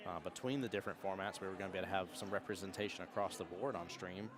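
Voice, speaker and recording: Deep-voiced, fast-talking man over a crowd. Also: fairly even intonation. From United States. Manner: chatty, rambling with restarts. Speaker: pool stream commentator. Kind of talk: live stream commentary. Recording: crowd noise.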